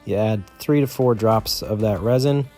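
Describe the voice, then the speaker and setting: A man casually talking through a do-it-yourself car repair, relaxed and self-deprecating, with plenty of fillers. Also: lowish voice, normal speed, faint music behind. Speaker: DIY vlogger. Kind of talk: casual how-to narration.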